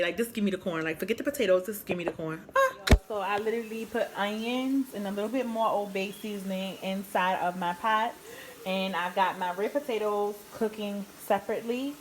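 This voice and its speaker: A woman's voice: mid-range voice, brisk. Woman, home cook vlogger, casual tutorial tone, noisy kitchen sound. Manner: chatty, talks to viewers as "guys".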